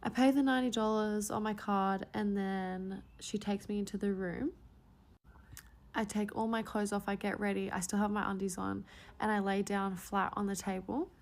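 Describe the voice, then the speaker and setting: A woman telling a personal story in a chatty, animated way, full of "like" fillers. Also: medium pitch, normal speed, creaky. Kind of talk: storytime vlog.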